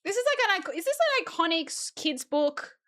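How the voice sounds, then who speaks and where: A woman's voice: very high-pitched, big pitch swings, quick pace, bright, forceful tone. A young woman streaming casually, chatting and reading a children's book aloud in a playful way, swearing for laughs. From Australia.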